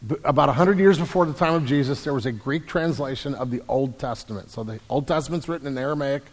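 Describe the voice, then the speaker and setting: Pastor answering questions in a reverberant hall. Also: male voice, mid-range voice, fast. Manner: explanatory, repeats words when restarting. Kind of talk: Q&A about the Bible.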